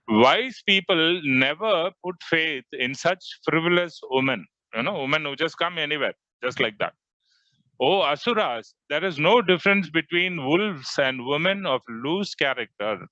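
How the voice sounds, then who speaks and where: A man's voice: mid-range voice, pushed and bright, no room sound. A man giving a scriptural lecture, explaining at length and often adding "you know". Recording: dry, slightly muffled recording.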